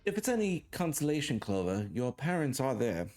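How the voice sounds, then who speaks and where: A man's voice: mid-range voice, big pitch swings, moderate pace, darkish tone, faint music behind, close to an everyday voice. A man, the dungeon master, voicing a scheming old female swamp hag who talks in an impatient, commanding way.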